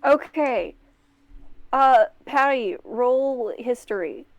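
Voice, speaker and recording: A woman's voice: sits high, lively intonation, very slow, dry recording, lo-fi sound. A woman running a tabletop game as game master, dry and self-mocking.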